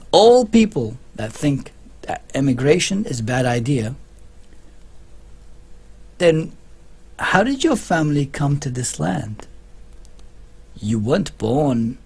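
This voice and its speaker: Husky, rambling man vlogging. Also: fairly high pitch, darkish tone. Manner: rambling, emphatic, with many restarts and laughs. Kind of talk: casual opinion vlog.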